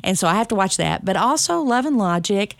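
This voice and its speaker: A woman in her fifties, a grandmother, telling family stories in a lively, chatty way as an interview guest. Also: mid-range voice, brisk, vocal fry, no room sound. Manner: animated, acts out family dialogue in lively voices; self-described sarcastic, chatty. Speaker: parenting workshop guest. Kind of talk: storytelling interview chat.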